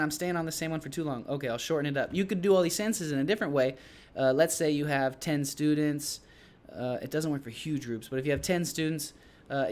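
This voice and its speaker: An English teacher chats with colleagues about his classroom activities, his mid-range voice wandering casually as he keeps restarting his sentences.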